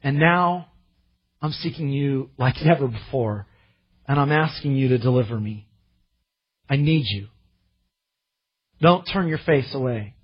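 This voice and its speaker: A man preaching a sermon to his church, earnest, rising to loud pleading and dropping to quiet asides. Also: mid-range voice, lively intonation, measured pace, long pauses, slightly rough, lo-fi sound. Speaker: pastor.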